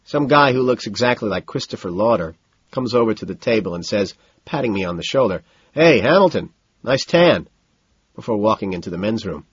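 A man narrating an audiobook in the first person, deadpan and detached, on a dull lo-fi recording. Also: lowish voice, fast, slightly rough, no room sound.

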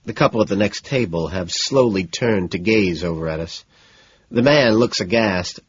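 A man narrating a novel in first person, with a measured, low-key delivery. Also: breathy edge, dull audio. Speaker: audiobook narrator.

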